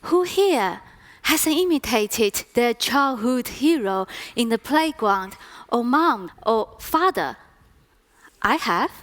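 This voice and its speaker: A woman in her thirties tells a reflective story in a stage talk. Her voice sits somewhat high, and she speaks at a slow, unhurried pace. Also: expressive, fairly bright tone. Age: 30s.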